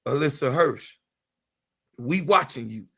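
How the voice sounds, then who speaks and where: A man in his fifties hosting a sports livestream, ranting in a heated, profane way, repeating himself and rising into shouts. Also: medium pitch, animated, measured pace, creaky, slightly rough. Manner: profane, repetitive, raises voice into shouts. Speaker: sports channel host.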